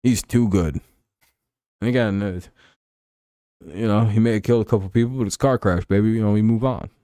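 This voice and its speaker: A man with a lowish, mellow voice rants through casual sports talk, swearing freely and rambling from point to point. The sound is close and dry, with no room around it. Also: brisk, dry recording. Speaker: sports show host. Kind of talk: casual livestream commentary.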